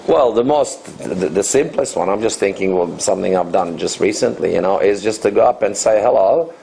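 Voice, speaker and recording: A man's voice: low-pitched, a little fast, gravelly, mellow, slight background noise, low-quality recording. A man in his fifties, a dating coach answering interview questions in a loose, rambling way, full of "you know" and restarts. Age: 50s.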